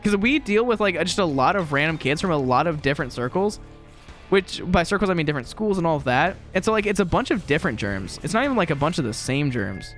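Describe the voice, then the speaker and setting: A man's voice: fairly high pitch, very animated, quick pace, a bit bright, faint music behind. A young man casually commenting on his gameplay from a room at home, rambling and chatty with a self-deprecating manner. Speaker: gaming commentator.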